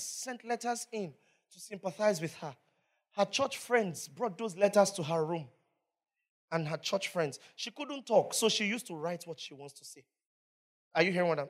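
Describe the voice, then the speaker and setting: A preacher telling a story in a sermon, animated and stopping to ask the listeners questions. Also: mid-range voice. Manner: animated, asks the audience questions.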